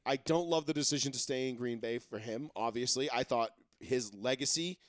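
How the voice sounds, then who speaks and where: A man hosting a sports talk show, talking casually and excitably, rambling and swearing often. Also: mid-range voice, moderate pace, dry recording, clean studio sound. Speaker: sports radio host.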